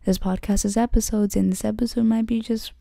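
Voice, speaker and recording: A woman's voice: a little high, fairly even intonation, fairly quick, creaky, dark tone. A young woman hosting her podcast, telling a story in a rambling casual way, full of "like" and frequent restarts. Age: young adult. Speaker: podcast host.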